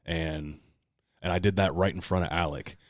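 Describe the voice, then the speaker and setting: A man hosting a casual podcast, telling a competition story with lots of swearing, and loudly acting out what he shouted. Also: sits low, normal speed, no room sound, studio quality. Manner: animated storyteller, swears a lot, shouts out quoted lines. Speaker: podcast host. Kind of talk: casual chat.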